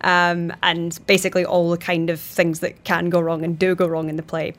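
A woman's voice: fairly low pitch, flat delivery, normal speed. A female stage actor talking casually and upbeat about her role. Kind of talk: interview chat.

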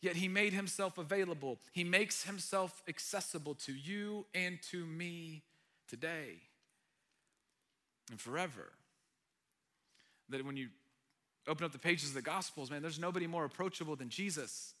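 Bright-voiced earnest male pastor preaching. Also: fairly high pitch, normal speed, pauses often. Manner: earnest, swings between loud emphasis and hushed near-whisper. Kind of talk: sermon.

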